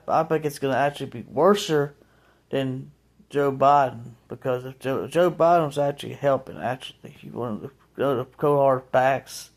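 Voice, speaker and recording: A man talking casually to his viewers in a rambling vlog, often restarting and repeating his words. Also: mid-range voice. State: emotional, voice breaking. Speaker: vlogger. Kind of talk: casual monologue to camera.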